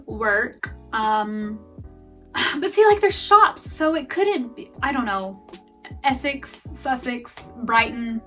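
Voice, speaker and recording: Female vlogger, rambling and self-deprecating play-by-play, slightly high voice. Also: bright, forceful tone, recorded from a distance. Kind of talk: casual gameplay commentary.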